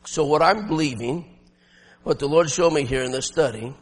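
A male preacher giving a sermon with emphatic, shouting delivery and frequent laughter. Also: a little high, normal speed, slightly rough, in a large hall.

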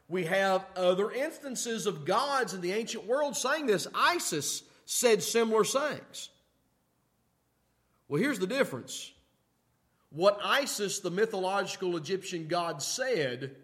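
A man preaching a sermon in a folksy way, often asking "okay?" and moving between loud emphatic lines and quiet asides. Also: sits high, animated, measured pace. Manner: folksy, repeats "okay?" to check in with listeners. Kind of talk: sermon teaching.

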